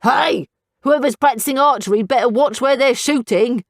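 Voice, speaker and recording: A woman's voice: medium pitch, lively intonation, a little slow, creaky, no room sound. Brash young male griffin, voiced by a woman, whiny and blustering; dry studio read. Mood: bold.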